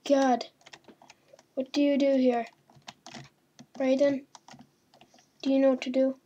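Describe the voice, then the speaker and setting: A woman's voice: high voice, level tone, slow, warm tone, muffled recording, a little hiss or hum. A woman hosting a gaming video, giving playful horror-game commentary and talking to the characters on screen. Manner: chatty, talks to game characters, mild swearing. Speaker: gaming channel host.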